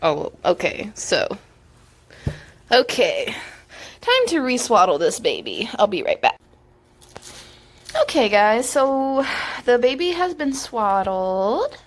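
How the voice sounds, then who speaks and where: A woman's voice: on the high side, sing-song, takes it slowly, long pauses. A young woman vlogging at home, cooing baby talk to her infant between casual chat with viewers. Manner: gushing baby talk with frequent giggles.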